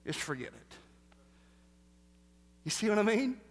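A pastor preaches in a lively, conversational way, tossing rhetorical questions at the congregation. His fairly high voice leaps up and down, one moment booming and the next dropping to a hush. The sound carries the long reverb of a large hall. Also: a little slow. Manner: animated, swings from loud to hushed, rhetorical questions. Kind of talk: sermon.

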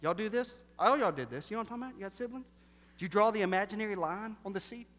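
A man preaching a sermon, animated and full of rhetorical questions, swinging between loud bursts and hushed lines. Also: sits high, racing. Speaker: pastor. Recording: long reverb of a large hall.

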